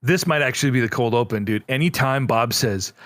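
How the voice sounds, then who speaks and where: A man's voice: medium pitch, brisk, no room sound, clean studio sound. A man co-hosting a casual gaming podcast, telling a story with lots of energy and some swearing. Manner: animated storyteller, swears freely. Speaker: podcast co-host.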